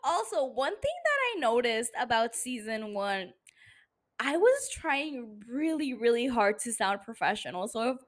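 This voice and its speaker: A tipsy woman with a non-native English accent, hosting a podcast in a blunt, profane, animated casual monologue. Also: fairly high pitch. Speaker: podcast host.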